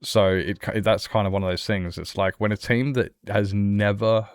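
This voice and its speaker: A man's voice: lowish voice, steady tone, normal speed, clear, resonant tone, dry recording, studio quality. A man streaming a game and telling a long rambling story in casual chat, acting out his own reactions.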